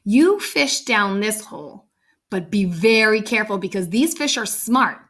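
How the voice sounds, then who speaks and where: A woman voicing an earnest, cautious father in a read-aloud storybook, drawing out his warnings slowly. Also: mid-range voice, animated, a bit bright. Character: cautious fisherman dad, earnest and fussy.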